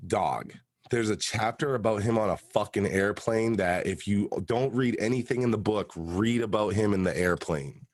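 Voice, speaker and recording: A man's voice: fairly low pitch, normal speed, no echo. A man hosting a podcast in casual chat, emphatic and swearing freely. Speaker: podcast host.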